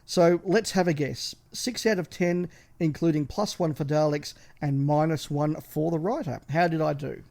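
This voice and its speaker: A man, co-hosting a casual podcast chat and giving measured opinions point by point. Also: fairly high pitch, creaky, darkish tone. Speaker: podcast co-host.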